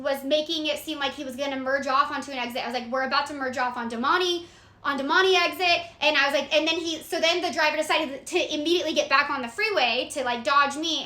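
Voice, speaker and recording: High, bright-voiced excitable woman storyteller. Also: fairly quick. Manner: excitable, profane, dramatic retelling. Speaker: storyteller vlogger. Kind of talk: animated casual storytelling. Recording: echoey room.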